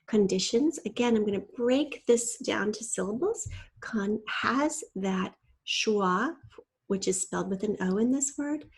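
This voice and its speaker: A woman's voice: mid-range voice, animated, a little slow, breathy edge. A woman teacher giving a patient, step-by-step spelling lesson and spelling out letters from a shared document.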